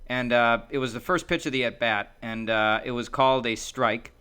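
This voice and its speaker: Male podcast co-host, casual and hesitant, crisp clear tone. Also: mid-range voice, steady tone, moderate pace, sharp tone. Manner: hesitant, many "um" and "uh" fillers. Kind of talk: casual chat.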